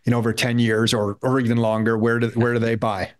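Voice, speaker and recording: A man hosting an interview, asking loose off-the-cuff questions in a relaxed chatty way. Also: medium pitch, quick pace. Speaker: podcast host. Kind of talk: casual interview chat.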